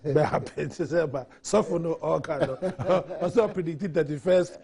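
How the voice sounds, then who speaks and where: A man's voice: a little high, moderate pace, creaky, mellow. A Ghanaian man on a TV panel, speaking hesitantly with many fillers and light laughs, mixing Twi and English. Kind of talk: TV studio panel discussion.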